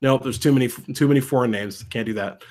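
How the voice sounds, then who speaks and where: A man's voice: medium pitch, fast talker, a little mellow. A young man hosting a casual livestream, rambling with many fillers and frequent laughter, talking into a computer mic. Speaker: livestream host. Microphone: computer mic, mutes while typing.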